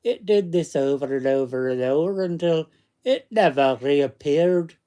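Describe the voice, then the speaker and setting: Slow man reading in a put-on Scottish accent. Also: on the high side, lively intonation, dark tone, clear, resonant tone. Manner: chatty asides that break off the reading. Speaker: channel host reading ghost stories. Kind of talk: casual read-aloud storytelling.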